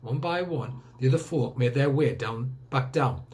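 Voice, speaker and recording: A male teacher reading a children's book aloud with expressive storytelling. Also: mid-range voice, moderate pace.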